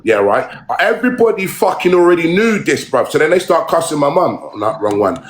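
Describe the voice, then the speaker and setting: A man's voice: on the high side, big pitch swings, a little fast. Angry swearing man ranting. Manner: aggressive, swearing, repetitive taunts. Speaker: livestreamer. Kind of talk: angry livestream rant. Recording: roomy echo.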